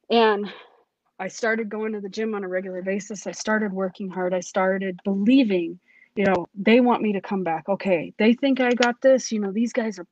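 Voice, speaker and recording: A woman's voice: medium pitch, fairly even intonation, normal speed, dry recording, lo-fi sound. Earnest woman recounting a personal testimony. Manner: earnest, emotional storytelling with many restarts. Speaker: police academy cadet telling her story.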